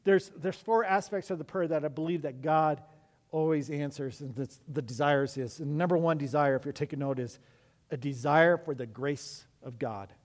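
A middle-aged man preaches as a pastor, telling stories in a relaxed, conversational way with plenty of restarts. His voice sits a bit higher than most men's. The sound carries a long echo from a large hall. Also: normal speed. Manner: conversational storytelling with many restarts. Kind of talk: sermon.

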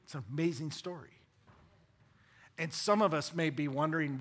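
A man preaching a sermon as a pastor, dramatic and animated, swinging between loud and hushed. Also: fairly high pitch, normal speed, long pauses.

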